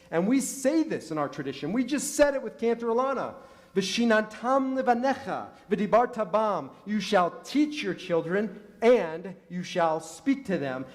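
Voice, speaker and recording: High-voiced man preaching a sermon. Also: a little mellow. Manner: storytelling with rhetorical questions, rising emphasis. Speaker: rabbi. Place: synagogue sanctuary.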